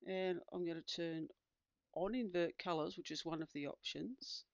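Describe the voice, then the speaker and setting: An instructor calmly explaining a tablet feature step by step, with small fillers along the way. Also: medium pitch, moderate pace, vocal fry, no echo, dull audio. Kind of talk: screen-recorded tutorial demonstration.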